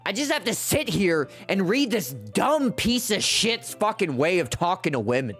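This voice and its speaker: A man's voice: fairly high pitch, huge pitch swings, normal speed, few pauses, a bit bright, soft background music. A male streamer doing live gameplay commentary in exasperated, profane, mocking rants, rambling through stories with restarts.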